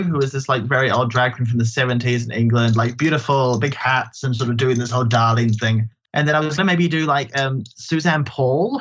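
A man who performs in drag, chatting as an interview guest in an animated, self-deprecating way. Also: medium pitch, lo-fi sound. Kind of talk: casual interview chat.

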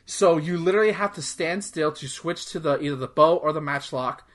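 A fairly high-pitched man with a fairly bright tone talks briskly while co-hosting a casual video game podcast. He rambles, uses "like" over and over, and curses freely.

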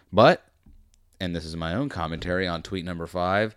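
A man hosting a commentary video, reading tweets aloud and mocking them in a sarcastic, rambling way that swings between loud outbursts and muttering. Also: low-pitched, normal speed, smooth, no echo, clean studio sound.

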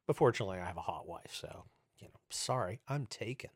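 A man in his fifties hosting a show, delivering a profane, sarcastic comedic rant that swings between loud outbursts and low muttering. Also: expressive, fast talker, no echo, clean studio sound. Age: 50s. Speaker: host.

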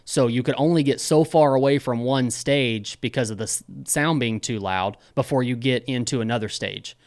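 A young man talks through a casual podcast chat, wandering through his stories with plenty of ums and restarts. His voice is smooth and resonant, recorded close and dry with no room sound. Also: mid-range voice, normal speed, no room sound. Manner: rambling, many fillers and restarts. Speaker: podcast co-host.

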